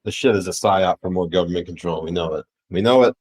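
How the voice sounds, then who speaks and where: A man's voice: low voice, quick pace, a little mellow, rough recording. A man co-hosting a political podcast, talking bluntly with plenty of swearing. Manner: blunt and profane, calls co-host sir. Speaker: podcast co-host. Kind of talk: political podcast chat, reading viewer comments.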